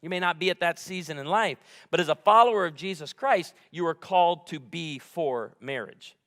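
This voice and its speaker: Fired-up preacher man, bright and echoing. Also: a little high, normal speed. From United States. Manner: animated, fired-up storytelling with humor. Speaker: pastor. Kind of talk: sermon. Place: large church sanctuary. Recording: long hall reverb.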